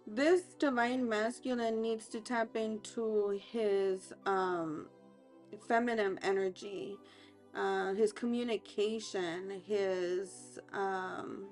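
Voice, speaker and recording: Slow, halting woman giving a tarot reading. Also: mid-range voice, fairly even intonation, a little mellow, faint music behind. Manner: hesitant and halting, many fillers and restarts. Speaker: tarot reader and life coach.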